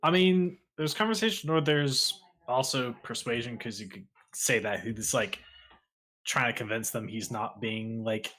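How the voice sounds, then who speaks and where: A man playing a tabletop role-play who keeps saying 'like' and leaps up in pitch when he speaks as his character. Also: unhurried. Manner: lively, peppered with 'like', jumps high for character lines. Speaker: player.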